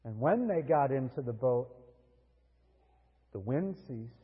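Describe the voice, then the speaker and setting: Slow, husky-voiced preaching man. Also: mid-range voice, animated, big-room sound, phone-quality sound. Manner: slow, earnest preaching with dramatic pauses. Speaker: pastor. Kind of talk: sermon.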